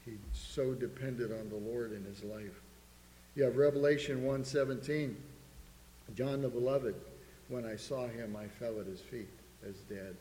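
A man's voice: mid-range voice, fairly even intonation, a little slow, warm tone. A man preaching a sermon, earnestly reading scripture aloud to a congregation in a church. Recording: echoey hall with faint hum.

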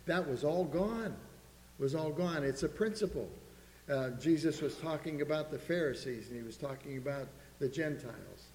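A man's voice: on the high side, expressive, normal speed, darkish tone. A man preaching a sermon, earnestly reading scripture aloud to a congregation in a church. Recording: echoey hall with faint hum.

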